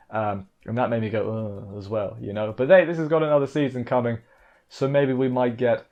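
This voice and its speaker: Male anime reviewer, excitable and exasperated, mid-pitched, cuts himself off constantly, dull lo-fi mic. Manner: excitable, exasperated, self-interrupting. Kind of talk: casual episode recap review.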